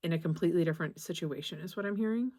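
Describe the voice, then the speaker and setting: A young woman giving a tarot reading to camera, gentle and reassuring, halting often and restarting her phrases. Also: lowish voice. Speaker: tarot reader.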